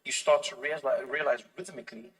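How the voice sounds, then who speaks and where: Animated man, heard from a distance. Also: medium pitch, fairly quick. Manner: animated storytelling, acts out other people's voices, frequent restarts. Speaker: comedian, interview guest. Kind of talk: casual conversation.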